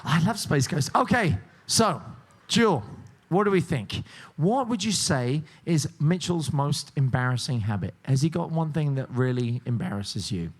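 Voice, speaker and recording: A man hosts a game show with a high, bouncing voice that swings widely. He keeps up jokey, teasing patter with the contestants. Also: animated, normal speed, few pauses. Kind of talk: cruise ship game show hosting.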